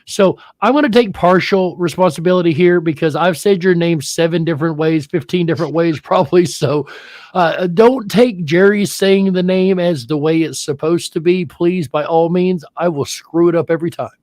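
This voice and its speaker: A man's voice: fairly high pitch, normal speed, darkish tone, no echo. A man moderating a panel discussion on a video call, reading out questions with a self-deprecating, laughing manner.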